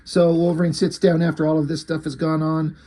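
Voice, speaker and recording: A man's voice: a little high, completely flat delivery, brisk, warm tone. A man casually reviewing a comic book, rambling, swearing, and retelling the story. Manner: rambling, profane, enthusiastic.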